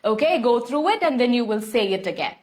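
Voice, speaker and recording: A woman's voice: on the high side, big pitch swings, fairly quick, a little mellow. A young woman with an Indian English accent teaching an online English class, explaining steps at length and greeting viewers by name. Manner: repetitive, instructive, addresses viewers by name. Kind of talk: live online lesson.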